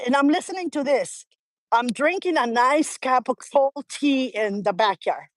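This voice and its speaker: A middle-aged woman, a guest on a talk show, telling a family story in a lively way, laughing often and acting out what people said. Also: sits high, a little slow, no room sound. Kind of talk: conversational storytelling.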